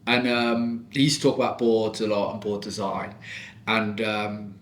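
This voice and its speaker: A man, a surfboard shaper chatting as a podcast guest, telling animated stories and laughing often. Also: lowish voice, measured pace. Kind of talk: casual podcast chat. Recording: roomy echo.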